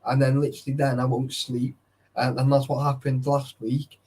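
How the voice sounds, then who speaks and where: A man's voice: medium pitch, little pitch movement, normal speed, a little mellow, slightly rough. A young man chatting casually with live viewers, tired and sleepy, swearing often and greeting chatters by name. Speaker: livestreamer.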